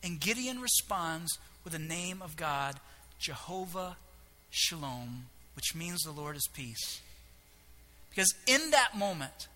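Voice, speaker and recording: A man preaching a sermon, animated and humorous, acting out biblical characters in quick asides. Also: on the high side. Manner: animated, acts out voices of biblical figures with humor. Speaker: pastor.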